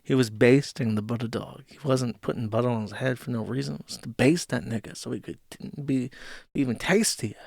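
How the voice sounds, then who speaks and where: A man's voice: mid-range voice, fairly quick, vocal fry, a little mellow, no echo, studio quality. Profane, rambling man hosting a stream. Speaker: stream host. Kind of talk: casual live-stream commentary.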